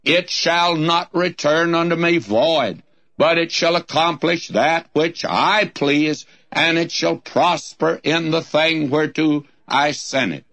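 A man's voice: on the high side, slow, fairly bright tone. A man teaches through a Bible passage in a slightly raised, plain voice. He speaks to the listener as a friend and reads scripture in old-fashioned wording. The sound is dry and close, with no room echo. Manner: folksy, addresses listeners as friend. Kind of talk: recorded radio Bible study sermon.

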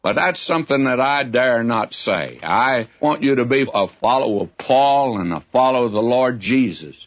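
A man's voice: mid-range voice, lively intonation, moderate pace, muffled recording. A man preaching a verse-by-verse sermon as a Bible teacher, in a folksy way with frequent asides.

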